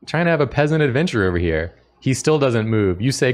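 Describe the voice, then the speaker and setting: A stream co-host reads a text adventure's story aloud during casual chat, amused and chuckling often as he goes. He has a mid-range voice with lively intonation and speaks a little fast.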